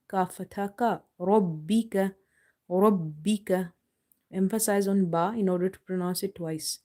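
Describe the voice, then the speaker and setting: A woman teaching Quran recitation in a live online lesson, slowly spelling each word letter by letter and then reading it whole. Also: medium pitch, mellow.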